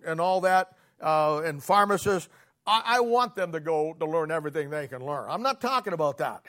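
A man's voice: fairly high pitch, a bit bright. A male pastor, preaching a folksy, sarcastic sermon full of rhetorical questions to his congregation.

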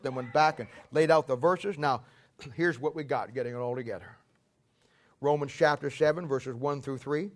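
A man preaching a sermon in a folksy storytelling way, repeating himself, clearing his throat, and swinging between loud climaxes and quiet asides. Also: medium pitch. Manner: builds to loud shouting climaxes, then drops quiet; repetitive, clears throat often.

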